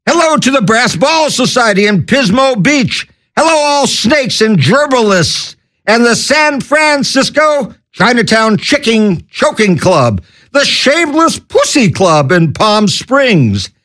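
A man hosting an internet comedy radio show, with manic, wacky patter, corny one-liners and bursts of yelling. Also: very high-pitched, very animated, takes it slowly.

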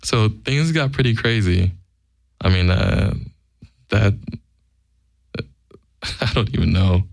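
A man's voice: on the low side, slow, vocal fry, no room sound, clean studio sound. A man telling a casual, profane anecdote in a blunt way, acting out the quoted lines. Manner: blunt, acts out quoted dialogue. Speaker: guest storyteller.

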